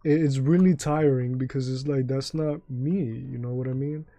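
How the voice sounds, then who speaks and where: A man's voice: mid-range voice, steady tone, moderate pace, dark tone, no echo. A young man streaming a game live, chatting in a laid-back, rambling way with frequent swearing and restarts. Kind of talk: casual livestream chat.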